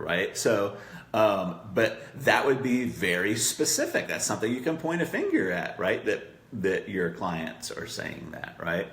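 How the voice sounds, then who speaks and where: Man, low-pitched, animated, conversational coaching, acts out quotes, roomy echo. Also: measured pace, creaky. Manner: conversational, keeps checking in with "right?". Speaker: marketing coach. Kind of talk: coaching session on marketing copy.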